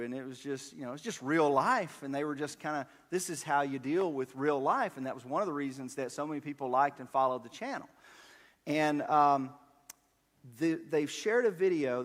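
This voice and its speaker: Conversational pastor in a reverberant church. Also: male voice, medium pitch. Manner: conversational, halting with fillers and restarts. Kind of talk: sermon.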